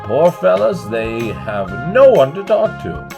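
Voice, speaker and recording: A boastful, touchy supervillain voiced by a man in a game roleplay, talking with a gravelly, rough edge. His voice swings wildly up and down as he mocks and complains in a theatrical, sarcastic way. Clear music plays behind him. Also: mid-range voice, sing-song, slow pace, full character voice. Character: boastful, chatty male supervillain Bane, bossy and touchy. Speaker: roleplay host. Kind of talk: Minecraft roleplay voice acting.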